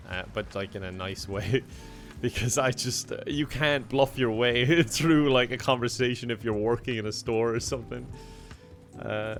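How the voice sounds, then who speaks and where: A young Irish man chatting casually on a live game stream, laughing often and thanking viewers. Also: mid-range voice. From Ireland.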